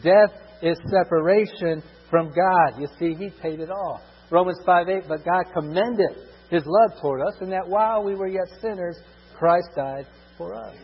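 A man preaching a sermon, emphatic and repetitive, swelling louder and dropping soft to stress his points. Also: high-pitched, moderate pace, slightly rough. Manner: emphatic, repetitive, rises and drops in volume for stress. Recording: muffled with long hall reverb.

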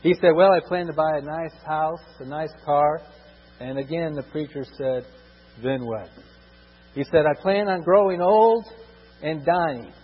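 A man delivers a sermon in a husky, somewhat high voice, hammering his points through repetition and sudden swells in volume. His words ring out with a long reverb, as if in a large church, and the recording sounds dull and muffled. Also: unhurried. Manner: emphatic, repetitive, rises and drops in volume for stress. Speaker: preacher.

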